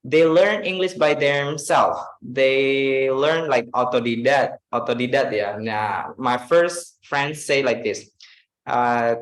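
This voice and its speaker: A man with an Indonesian accent leads an English lesson, switching between English and Indonesian and leaning on fillers. His voice sits at a middling pitch, and the room around him rings with echo. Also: takes it slowly. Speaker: English teacher. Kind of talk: live online English lesson.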